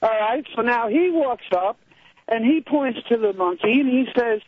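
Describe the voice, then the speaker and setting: A man's voice: very high-pitched, lively intonation, normal speed, slightly rough, no room sound, phone-quality sound. A male caller telling a story in a casual, hesitant way, with many fillers and restarts.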